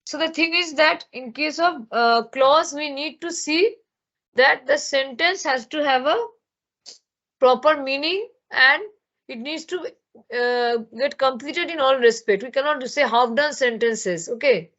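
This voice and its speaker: High-voiced woman teaching. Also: unhurried, fairly bright tone, muffled recording. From Bengal, India. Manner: explaining with many fillers and restarts. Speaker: spoken English teacher. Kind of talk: online grammar lesson. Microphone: laptop microphone.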